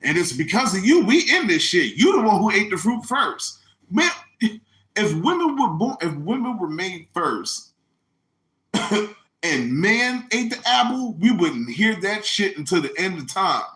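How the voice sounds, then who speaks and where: A man hosting a podcast, ranting in a casual, comedic, and profane way. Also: a little high. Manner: animated, profane, mocking. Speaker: podcast host. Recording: echoey room.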